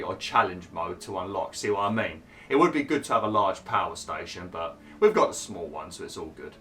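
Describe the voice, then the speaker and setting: A man hosting a gaming channel, explaining a park-building game step by step with lots of fillers while his voice is going hoarse. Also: deep voice, pushed and bright, a little hiss or hum. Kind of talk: casual gameplay commentary.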